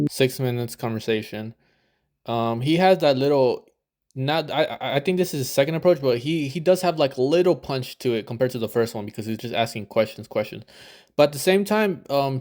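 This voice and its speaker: A man talking over a video as a dating coach, loose and rambling, with plenty of swearing. He keeps slipping into the lines he would say himself. His pitch sits in an ordinary middle range. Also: a little mellow. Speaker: dating coach reviewing footage. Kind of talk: casual reaction commentary.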